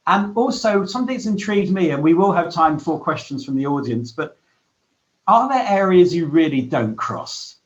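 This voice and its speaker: A male panel chair who speaks haltingly, with lots of ums. The sound is slightly muffled and lo-fi. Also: on the high side, animated. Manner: hesitant, many ums and restarts. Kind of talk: hosting an online panel.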